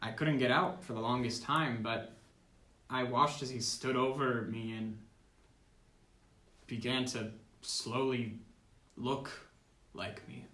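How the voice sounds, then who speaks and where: Bright-voiced teen boy telling a dramatic tale. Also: medium pitch, steady tone, slow, long pauses. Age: teens. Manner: dramatic, earnest storytelling. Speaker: tabletop game player. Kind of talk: in-character role-play storytelling. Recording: echoey room.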